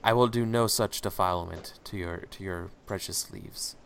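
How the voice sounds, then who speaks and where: A man's voice: low-pitched, normal speed, gravelly, fairly bright tone, a little hiss or hum. A man voicing an old, formal wizard in a tabletop story game, speaking in an archaic way. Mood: solemn. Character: old male wizard, last of his kind, formal and calm.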